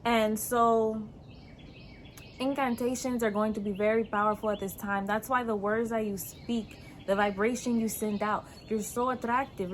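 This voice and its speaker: A woman's voice: on the high side, slight background noise, close to an everyday voice. A woman channeling a solemn mystic in an accent.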